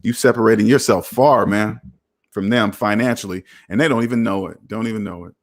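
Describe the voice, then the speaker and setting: A man hosting a personal finance show, reading viewer comments and reacting in an emphatic, preachy way, with sudden excited whoops. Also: fairly low pitch, brisk.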